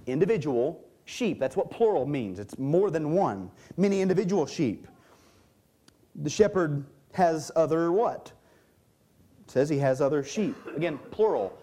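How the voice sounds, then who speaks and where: A man's voice: on the high side, dark tone. A man preaching a sermon, reading scripture aloud and stressing its key words to explain them.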